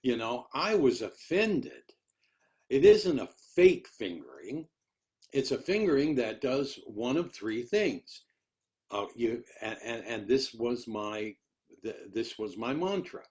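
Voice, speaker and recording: A man's voice: mid-range voice, big pitch swings, slow, a little mellow. An older man, a retired orchestral musician, telling rambling anecdotes in a conversational discussion and often repeating words as he searches for them. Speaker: interviewee, retired orchestral piccolo player.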